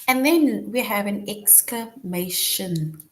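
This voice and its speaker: A woman's voice: medium pitch, animated, takes it slowly, a bit bright. A woman teaching a children's grammar lesson online, explaining patiently and often checking in with "right?".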